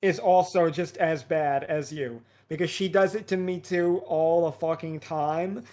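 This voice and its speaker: A man's voice: a little high, steady tone, unhurried, darkish tone. A man hosting a live stream, chatting casually, stammering and restarting often and breaking into laughs. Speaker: streamer host.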